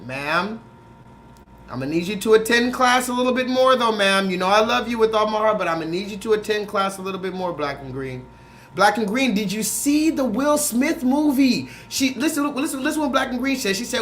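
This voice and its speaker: A man with a high-pitched voice hosts a livestream. He rants with animated energy, riffs on his topic and breaks off to talk to viewers in the chat. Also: moderate pace, a little hiss or hum. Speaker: livestream host. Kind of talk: livestream rant.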